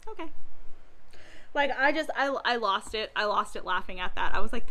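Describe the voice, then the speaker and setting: A woman's voice: medium pitch, animated, moderate pace, long pauses, bright, forceful tone. A young woman chatting casually about books she read, laughing often and acting out characters in mocking voices. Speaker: book reviewer. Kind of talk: casual book review chat.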